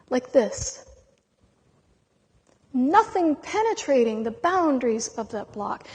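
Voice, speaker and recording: A woman's voice: high voice, big pitch swings. Emotional woman speaker in a reverberant hall. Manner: intense, dramatic, with long pauses between words. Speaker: spiritual speaker. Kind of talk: impassioned spiritual talk to a live audience.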